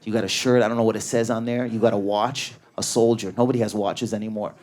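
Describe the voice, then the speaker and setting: A man doing a stand-up comedy set in a club, riffing at high energy on an audience member. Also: flat delivery, fast talker, a little mellow. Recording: live club with a laughing crowd. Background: audience laughter.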